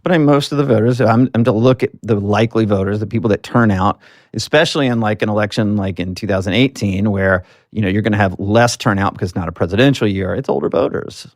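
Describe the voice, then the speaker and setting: Low-voiced Southern-raised man telling stories. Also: quick pace, no echo, clean studio sound. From Alabama, US South. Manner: earnest storytelling with frequent fillers. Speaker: guest, political marketing strategist. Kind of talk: casual interview talk.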